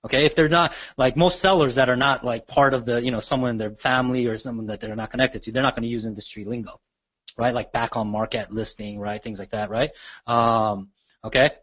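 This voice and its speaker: Husky coach who keeps asking "right?". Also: male voice, medium pitch, fairly even intonation, brisk, a bit bright, lo-fi sound. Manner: tags nearly every sentence with "right?". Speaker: real estate sales coach. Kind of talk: teaching a webinar.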